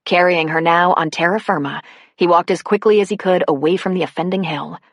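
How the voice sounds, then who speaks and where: Low-voiced woman narrating a novel. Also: a little fast, dry recording, clean studio sound. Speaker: audiobook narrator. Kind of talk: scripted narration.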